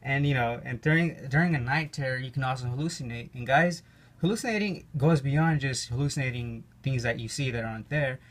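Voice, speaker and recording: Speaking fairly quickly in a mid-range voice, this YouTube card game host tells casual stories about himself. He's a young Mexican American guy who rambles, leans on fillers, cusses, and laughs a lot.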